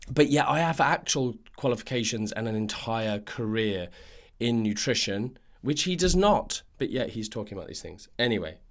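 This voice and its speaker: A man hosting a nutrition podcast, ranting in a casual monologue full of fillers and restarts. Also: medium pitch.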